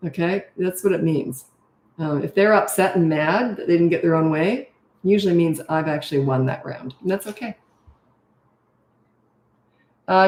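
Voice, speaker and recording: Brisk and darkish, her lowish voice carries a middle-aged parenting coach's blunt, direct answers in a live Q&A on viewer comments. She keeps adding "okay?" or "right?", and the room echoes noticeably.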